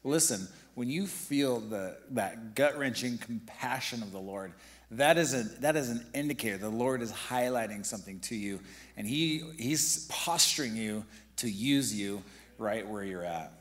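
A man's voice: mid-range voice, lively intonation, moderate pace, fairly bright tone. A man preaching a sermon as pastor of a church, exhorting the congregation and building to emphatic passages. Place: church sanctuary.

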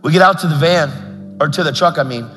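A man's voice: a little high, a little fast, fairly bright tone, soft background music. A man preaching a storytelling sermon, fervent and rising to impassioned appeals. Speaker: guest preacher. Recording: long hall reverb.

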